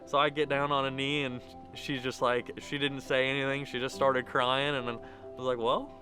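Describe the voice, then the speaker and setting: With soft music in the background, the young groom speaks in a mid-range, level voice that is bright and forceful at normal speed. He casually rambles through the tale of his proposal and a wedding toast, chaining thoughts with "and" after "and."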